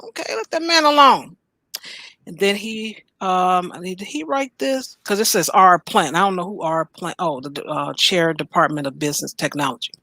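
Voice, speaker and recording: A woman's voice: fairly low pitch, moderate pace, no echo. Playful woman riffing on news. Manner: animated, playful, reads headlines aloud then riffs. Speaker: host. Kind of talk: casual reaction commentary.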